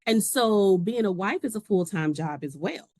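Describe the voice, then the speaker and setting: A woman guest on a podcast recounts her story in a lively way, putting on the voices of the people she quotes. Her voice sounds dry and close, with almost no room around it. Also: medium pitch, normal speed, no echo. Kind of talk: casual conversation.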